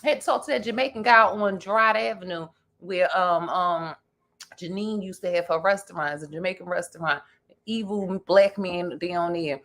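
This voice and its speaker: A woman's voice: fairly low pitch, moderate pace, a bit bright. A woman, co-hosting a casual chat show, talking heatedly and cutting in over her co-host. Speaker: podcast co-host.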